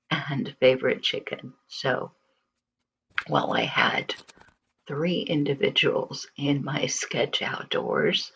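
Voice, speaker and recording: A woman narrating her art vlog at an unhurried pace, her voice gravelly with a bright edge. She speaks plainly and candidly in a relaxed, reflective way, with the odd small filler. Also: rumbling low, highs cut off, slight background noise. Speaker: vlogger and artist.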